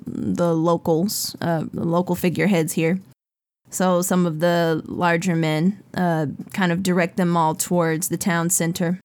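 Low-voiced woman narrating a tabletop game. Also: dry recording. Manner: descriptive, unhurried narration with fillers. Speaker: game master.

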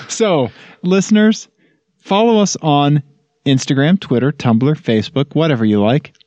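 A man's voice: a little high, takes it slowly, pauses often, a little mellow, no echo. Man, casual podcast co-host, loose and jokey, filler-heavy, lo-fi dry sound. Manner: joking, rambling with many fillers. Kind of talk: casual chat. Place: home blanket fort.

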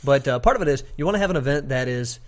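A man co-hosting a business podcast in casual conversation, quick and chatty, acting out what clients might say. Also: mid-range voice, lively intonation. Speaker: podcast co-host.

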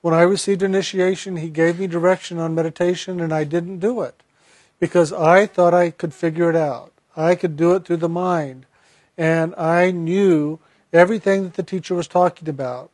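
A man's voice: a little high, steady tone, moderate pace, a little mellow, no room sound, lightly acted. A man voicing a remorseful male soul who earnestly blames himself for refusing to meditate. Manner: earnest, self-blaming.

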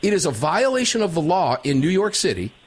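A man hosting a talk radio roundtable, energetic and emphatic with a folksy way of talking. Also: high-pitched, fairly quick, noisy background. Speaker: radio show host.

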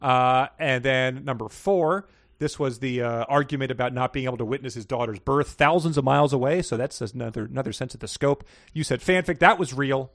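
A man's voice: medium pitch, brisk, a bit bright, no room sound, clean studio sound. A man hosting a guessing game, reading passages aloud and going over answers in a playful, stumbling way. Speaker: game host.

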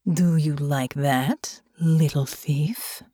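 A woman voicing a big, strong female guard, speaking in a low, sultry, teasing purr. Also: very slow, dark tone, breathy edge, no room sound, clean studio sound, exaggerated voice.

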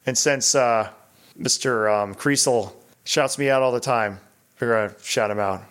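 A man's voice: mid-range voice, moderate pace, fairly bright tone, clean tone. A man co-hosting a casual podcast, chatting and reading listener mail with dry humor. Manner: reads listener mail aloud, dry joking. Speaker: podcast co-host. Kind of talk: casual chat.

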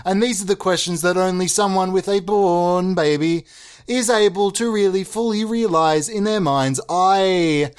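A man's voice: high voice, unhurried, smooth. A man hosting a comedy show, rambling in a mock-pompous way and swearing now and then.

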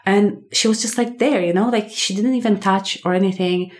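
A woman, a podcast guest telling a personal story in a casual, animated way, full of fillers and acted-out dialogue. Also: mid-range voice, normal speed. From Poland. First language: Polish. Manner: animated, acts out quoted dialogue, many fillers.

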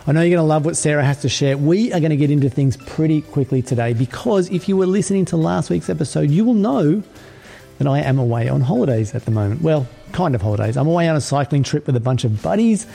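A man's voice: fairly high pitch, brisk, vocal fry, mellow, soft background music. Upbeat man hosting a podcast. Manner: upbeat, salesy, emphatic. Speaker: podcast host. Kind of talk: scripted podcast intro and interview.

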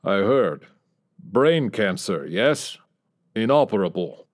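Man doing slow menacing old Russian spy. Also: lowish voice, very animated, full character voice. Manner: slow, heavy, clipped broken English.

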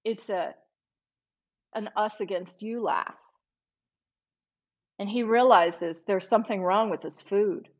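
A woman's voice: mid-range voice, slow, pauses often. A woman trial lawyer, a podcast guest, telling a case story vividly and acting out what people said. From Los Angeles-based. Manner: vivid retelling, acts out quoted speech. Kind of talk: storytelling in conversation. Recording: dull lo-fi audio.

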